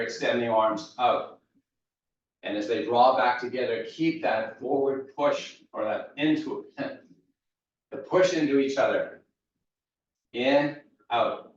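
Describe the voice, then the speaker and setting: Man cueing a mobility class, echoey. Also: mid-range voice. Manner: steady cueing, easygoing asides. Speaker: fitness instructor. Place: large echoey fitness studio. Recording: echoey, distant, dull room sound.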